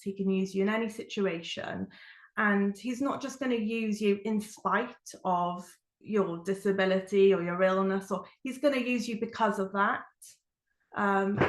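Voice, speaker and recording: A woman's voice: mid-range voice, roomy sound. A woman giving an earnest, reflective personal testimony as a Christian speaker, with frequent fillers.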